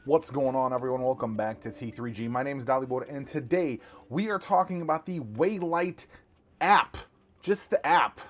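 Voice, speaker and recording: A young man runs a casual tech review vlog from a small home studio, addressing viewers directly. As the channel host, he sounds excited and slangy, with a mid-range voice at normal speed.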